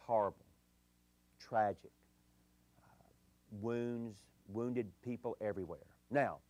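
Speaking to a gathering, a middle-aged man preaches on marriage and dating, telling earnest stories and sinking low and quiet during the sad moments. The audio sounds dull, with no room sound.

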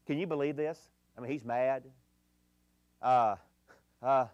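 A middle-aged man preaching to a gathering about marriage and dating, telling stories earnestly and dropping low and quiet in the sad parts. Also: moderate pace, pauses often, no room sound, lo-fi sound.

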